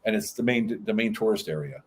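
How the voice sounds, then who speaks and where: Fast-talking, blunt man. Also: fairly low pitch. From United States. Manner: lively storyteller, blunt and profane. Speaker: guest. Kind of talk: casual conversation.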